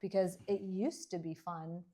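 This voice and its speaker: A middle-aged woman from Canada, co-hosting a podcast in casual chat, dry and teasing, quick to laugh. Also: on the low side, steady tone, dark tone. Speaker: podcast co-host, dentist.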